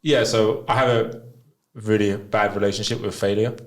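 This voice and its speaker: A man's voice: fairly low pitch, steady tone, normal speed. A man hosting a candid personal conversation, talking openly and frankly and swearing casually. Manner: open and frank, swears freely. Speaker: podcast host.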